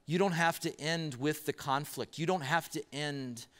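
A male pastor delivers a sermon, slowing into stories and stacking up rhetorical questions for the congregation. His voice sits a little high for a man and carries a long reverb from the church hall. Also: a bit bright. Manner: storytelling with pauses and rhetorical questions. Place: church auditorium.

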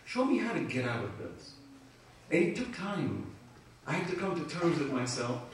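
A man's voice: a little high, normal speed. A man giving an emotional religious talk in a community hall, telling personal stories with laughter. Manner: emotional, animated storytelling with laughter. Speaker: Islamic speaker. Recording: echoey hall, speaker far from mic, faint noise.

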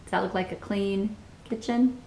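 A woman reading a children's book aloud, pausing to comment and ask listeners questions in an expressive way. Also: medium pitch, vocal fry. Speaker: storybook reader. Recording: roomy echo.

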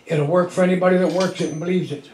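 High-voiced pastor preaching in an echoey church. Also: male voice, steady tone, very fast, a little mellow, a little hiss or hum. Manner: folksy storytelling with frequent chuckles; call-and-response with the congregation. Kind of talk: sermon.

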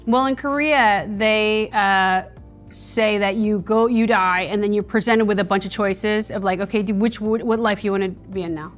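A woman's voice: medium pitch, normal speed, faint music behind. A woman in her fifties, a comedian guest in a casual interview, talking in a reflective way. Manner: reflective, drops to a breathy whisper for emphasis.

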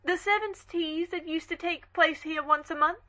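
A woman playing an imperious, sharp-tongued elderly aristocratic lady in an audio drama reading. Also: very high voice, moderate pace. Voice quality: commanding, cross-examining.

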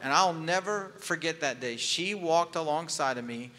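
Male pastor, fairly high bright voice, chatty candid storytelling, long church reverb. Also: expressive, normal speed. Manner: candid, conversational storytelling with humor. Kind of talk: storytelling sermon. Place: church sanctuary.

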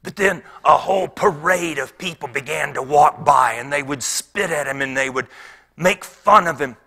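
A pastor playing a former rebel turned peaceful wood carver in a dramatic monologue, his gravelly voice often sinking to a whisper. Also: a little high, moderate pace, exaggerated voice. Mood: angry. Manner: storytelling that swings from hushed whispers to loud outbursts.

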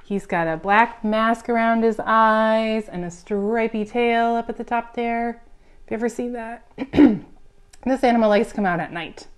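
A woman reading a picture book aloud at a preschool storytime, gently coaxing the children with questions. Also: a little high, steady tone, measured pace. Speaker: children's librarian.

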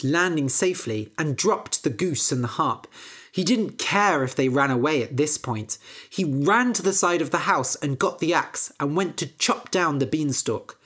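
Slow, expressive woman narrating a storybook. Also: deep voice, slightly rough. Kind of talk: scripted storybook narration for English learners.

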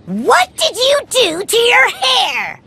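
Shrill scolding witch, a woman doing the voice, high pitch, lively swoops. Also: slow pace, noisy background, exaggerated voice. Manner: sharp, scolding, shouting orders. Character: bossy, rude female witch, snappish. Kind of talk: storybook voice acting.

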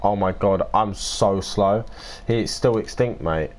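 A nineteen-year-old man from the UK live-streams a game, chatting casually, answering viewers by name, and swearing and grumbling as he plays. His voice is on the low side with a darkish tone, and he takes his time.

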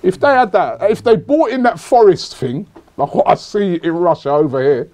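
A man hosting a casual football podcast, telling jokey, repetitive, animated stories. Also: sits high, normal speed. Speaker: podcast host.

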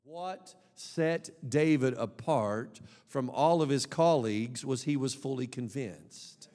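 A male pastor preaching a sermon, emphatic, moving between quiet asides and loud exhortation. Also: mid-range voice, slow, faint music behind. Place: church sanctuary. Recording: echoey church hall.

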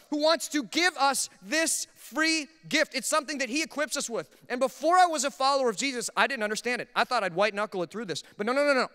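A man from Minnesota preaches as pastor in a church sanctuary, his very high voice bright, forceful, and smooth, resonating in a large hall. He tells humorous, self-deprecating stories about married life.

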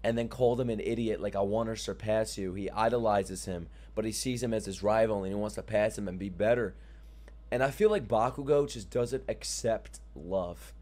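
A man reacting to an anime episode, excitable and profane, often breaking into exclamations. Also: lowish voice, moderate pace. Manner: excitable, swears a lot, exclaims. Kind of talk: casual reaction commentary. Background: anime soundtrack playing.

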